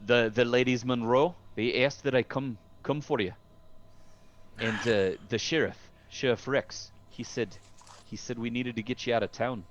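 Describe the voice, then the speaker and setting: Guy doing a kindly old-west rider w/ a brogue, louder and higher, dull audio. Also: steady tone, normal speed, natural voice. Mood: reassuring. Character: cautious male rider, gruff but kindly. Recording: dull lo-fi sound.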